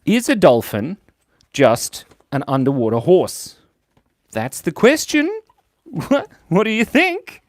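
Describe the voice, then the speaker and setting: His voice is a little high, swooping wildly in pitch, and he speaks slowly with long pauses. Recorded at studio quality with no room sound, this Australian-accented man hosts a live drawing stream for children, reading viewer comments aloud in a playful, joking, casual way.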